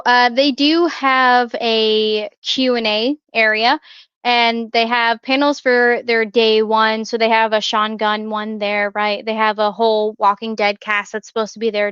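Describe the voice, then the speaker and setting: A woman's voice: on the high side, level tone, measured pace, fairly bright tone, smooth, no room sound, muffled recording. A woman co-hosting a pop culture podcast, chatting casually with lots of fillers, restarts and small laughs. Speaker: podcast co-host. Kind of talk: casual chat.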